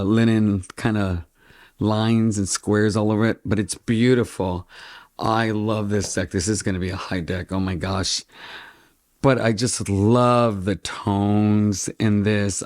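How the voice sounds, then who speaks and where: A man's voice: on the low side, darkish tone. A middle-aged man hosting his own tarot channel, chatting casually and with self-mocking, playful melodrama. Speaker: tarot vlogger, channel host. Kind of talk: casual vlog chat.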